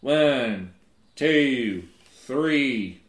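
Man, sarcastic, crude jokes, mid pitch, echoey room. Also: expressive, very slow. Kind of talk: casual drinking-game banter. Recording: roomy echo.

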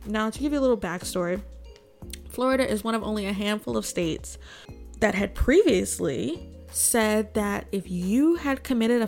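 A woman's voice: mid-range voice, creaky, a little mellow. A woman hosts a political news commentary in a mid-range voice, with a faint bed of music behind her. She talks sarcastically and keeps firing rhetorical questions at her viewers. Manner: sarcastic, asks rhetorical "guess what" questions. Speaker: host.

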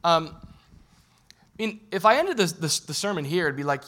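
A man's voice: on the high side, sing-song, normal speed, bright, forceful tone. A male pastor preaching a sermon in a casual, joking storytelling way, acting out the people in the story.

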